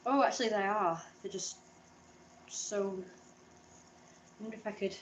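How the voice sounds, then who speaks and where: A woman talks to the camera in casual vlog chat, rambling from one thought to the next. Her manner is chatty and self-deprecating, and her pitch sits in a middle range. Faint noise runs behind her. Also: normal speed. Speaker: vlogger.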